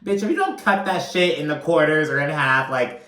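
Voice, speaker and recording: A man's voice: a little high, animated, moderate pace, bright, forceful tone, echoey room. Chatty, profane man recapping gossip. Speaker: reality TV recap commentator. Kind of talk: casual recap commentary.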